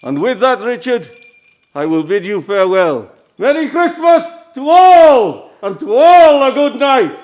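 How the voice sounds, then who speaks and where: A man playing a jolly, grand old Father Christmas, speaking slowly and theatrically. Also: lively intonation. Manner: slow, booming, theatrical.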